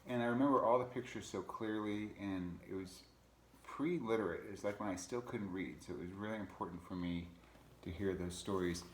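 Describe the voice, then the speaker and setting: A man reading a picture book aloud to children, relaxed and chatty, pausing to talk about the pictures. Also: lowish voice, slight background noise. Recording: echoey room.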